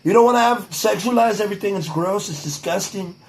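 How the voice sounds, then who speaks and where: A man's voice: high voice, brisk, creaky, a little hiss or hum, low-quality recording. A young man vlogging in a loose, profane ramble who keeps repeating "truly" and slips into a mock-presidential cadence. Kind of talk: rambling casual monologue to camera.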